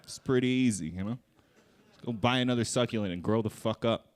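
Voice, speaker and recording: A man's voice: mid-range voice, fairly quick. A man doing a stand-up comedy set on a theater stage, crude and profane, acting out little voices in his bits.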